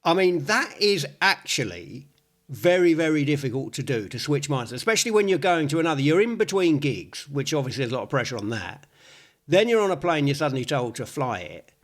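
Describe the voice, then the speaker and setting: A man's voice: on the high side, very animated, brisk. A man, a psychologist hosting a podcast, who explains his ideas at length in casual conversation.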